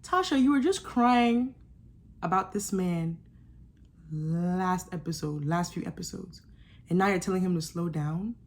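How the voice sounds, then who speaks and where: A woman's voice: on the low side, a little slow, a little hiss or hum. Sassy young woman recapping reality TV. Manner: sassy, animated, laughing asides. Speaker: reality show reviewer. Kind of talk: casual recap commentary.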